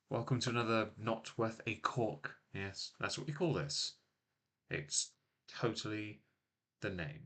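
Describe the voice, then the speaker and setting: A man from England hosts a casual live stream from a small home office, speaking through a laptop microphone. His voice sits a little low, and he rambles with plenty of ums and uhs while teasing his co-host. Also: sing-song, a little slow. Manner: rambling, filler-heavy, teasing.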